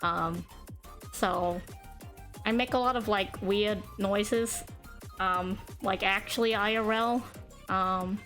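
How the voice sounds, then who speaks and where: A woman streaming, chatting casually in a deliberately chosen voice, rambling with lots of fillers. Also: fairly even intonation, fairly bright tone. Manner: playful, with sudden high pitch jumps; uses a deliberately chosen put-on speaking voice. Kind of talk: casual chat to stream viewers. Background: faint background music.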